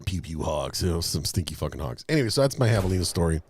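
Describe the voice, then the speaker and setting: A low-voiced man with a breathy edge talks fast as he co-hosts a podcast. Swearing casually and animatedly, he tells a story and performs other people's dialogue, captured in clean studio sound with no echo.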